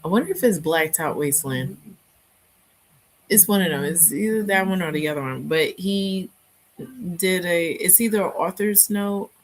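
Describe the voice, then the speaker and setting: A woman's voice: on the low side, normal speed, low-quality recording. A woman in a casual book club chat, rambling and hesitant with many fillers.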